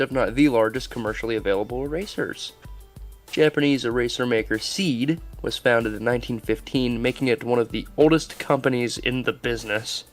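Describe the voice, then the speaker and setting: Man, podcast co-host, reading news aloud, mid pitch, faint music. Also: a bit bright. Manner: reads articles aloud, wry asides.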